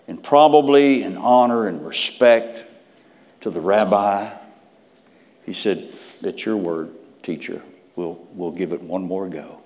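A low-voiced man preaching a sermon. He drops to hushed whispers, then climbs to loud, emphatic peaks. His voice rings with a long reverb, as in a church sanctuary.

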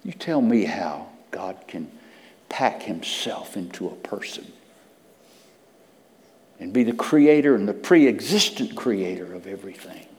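Man preaching, low voice, hushed whispers and loud bursts, long hall reverb. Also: lively intonation, measured pace. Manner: dramatic swings from hushed whispers to loud emphatic peaks. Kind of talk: sermon.

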